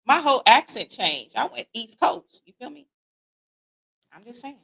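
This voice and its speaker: A middle-aged woman, hosting a casual livestream and greeting viewers in a lively, slangy, playful way. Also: on the high side, normal speed, vocal fry, slightly rough. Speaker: podcast host.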